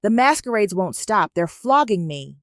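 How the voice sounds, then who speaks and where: A woman's voice: mid-range voice, big pitch swings, moderate pace, no echo, studio quality, lightly acted. A woman voicing a greedy, desperate young village man in a spoken folktale, pleading and crying out.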